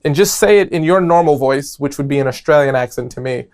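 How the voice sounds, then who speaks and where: A man's voice: medium pitch, quick pace, a little mellow. A young man from New York with a New York accent, hosting a solo motivational podcast in a playful, rambling way full of jokes and tangents. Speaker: podcast host.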